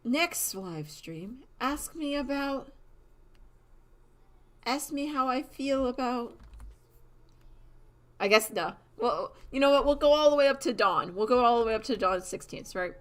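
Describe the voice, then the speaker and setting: A woman's voice: a little high, expressive, measured pace, pauses often. A woman streaming late at night, tired and rambling. She talks in loose, casual chat with crude slang and trails off often. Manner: rambling, many fillers and restarts, crude slang. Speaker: livestreamer.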